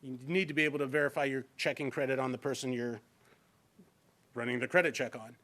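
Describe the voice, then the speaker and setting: A man's voice: mid-range voice, fairly even intonation, fast talker, sharp tone. Chatty man leading a training workshop. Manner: chatty, conversational, informal. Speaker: fair housing trainer. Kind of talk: workshop lecture. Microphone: handheld microphone.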